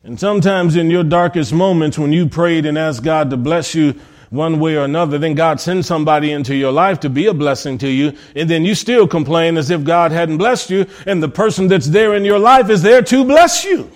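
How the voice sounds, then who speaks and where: Man, pastor, sermon, slightly high-pitched, rhetorical questions, soft asides then emphatic rises. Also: brisk. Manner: preaching with rhetorical questions and repetition.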